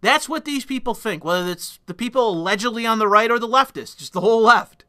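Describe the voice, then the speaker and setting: A man's voice: extremely high pitch, quick pace, bright, forceful tone. A man delivering a solo commentary rant in a blunt, profane, emphatic way. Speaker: political commentator.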